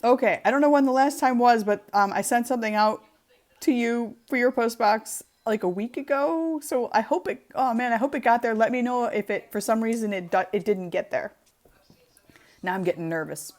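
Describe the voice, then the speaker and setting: A woman hosting a casual craft livestream, talking in a chatty, animated way full of "like.". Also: a little high, moderate pace. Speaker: craft show host.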